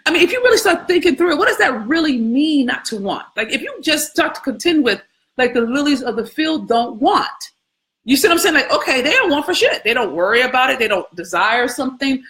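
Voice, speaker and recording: Woman, high voice, casual spiritual talk, conversational, questioning, salty language. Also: very animated, a little fast, fairly bright tone. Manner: conversational, questioning, profane, often laughing. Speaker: host. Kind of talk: casual scripture contemplation.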